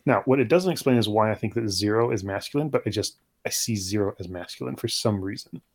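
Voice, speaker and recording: A man in casual podcast chat, explaining his view in an animated, lively way. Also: on the low side, fast.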